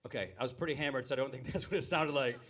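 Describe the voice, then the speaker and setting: A man's voice: mid-range voice, very fast. A middle-aged man performing stand-up comedy in a brewery, telling stories and acting out the characters in them. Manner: animated storytelling, acting out characters in quoted voices. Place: brewery venue before a live audience.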